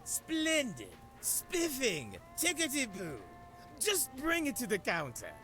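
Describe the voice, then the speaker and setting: A man's voice: very high voice, huge pitch swings, takes it slowly, bright, forceful tone, soft background music, full character voice. An actor playing a male shopkeeper who puts on an over-the-top posh British accent in a cartoon game. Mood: hammy posh.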